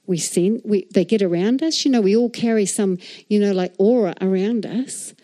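A middle-aged woman from New Zealand, speaking with her home accent, preaches with a lively, call-and-response rhythm. Her voice is mellow and warm, and sits in an ordinary pitch for a woman. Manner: animated, asks the crowd for replies. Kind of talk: sermon.

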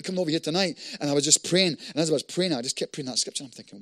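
High-voiced guy preaching hard, loud then soft, dry close sound. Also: racing, hardly any pauses, no echo. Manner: fervent, swinging from loud declarations to hushed prayer. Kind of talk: sermon.

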